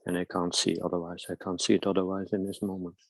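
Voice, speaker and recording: Halting man with a very low, flat voice. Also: creaky, dry recording. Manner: hesitant, stammering, breaking off mid-sentence. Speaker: meeting participant. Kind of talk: halting personal talk in an online meeting.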